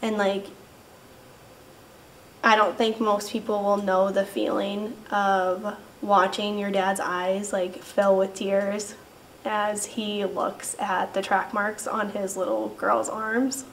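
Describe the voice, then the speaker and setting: A young woman giving a personal testimony in an emotional, halting way, saying "like" again and again. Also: medium pitch, steady tone, vocal fry. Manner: emotional, halting storytelling, says "like" constantly. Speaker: interviewee sharing recovery testimony. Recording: distant mic with faint background noise.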